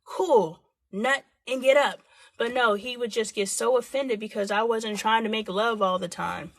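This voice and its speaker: Speaking at a moderate pace in a slightly high voice, a woman in her forties chats candidly on her live stream, animated as she acts out quoted lines.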